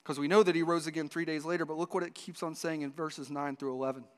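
A man's voice: fairly high pitch, fairly even intonation, fast talker. Man preaching in a reverberant hall. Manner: storytelling with many restarts, voices the dialogue. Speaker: pastor. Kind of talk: sermon.

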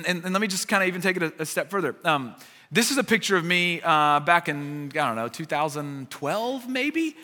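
A man's voice: on the high side, animated, normal speed, pushed and bright, big-room sound. An American man preaching a sermon as a pastor, conversational and repeating his key phrases, with self-deprecating humor.

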